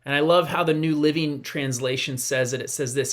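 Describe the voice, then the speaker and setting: A pastor delivers a brief devotional in an earnest, conversational tone. The voice sits at a middle pitch. Quoted lines get a lifted, acted-out delivery. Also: fairly even intonation, brisk, hardly any pauses. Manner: parent sharing a family example. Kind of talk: short devotional message.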